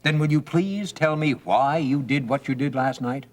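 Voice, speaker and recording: A man's voice: medium pitch, normal speed, close to an everyday voice. Stern formal hospital chief played by a man, radio drama. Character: stern male hospital administrator.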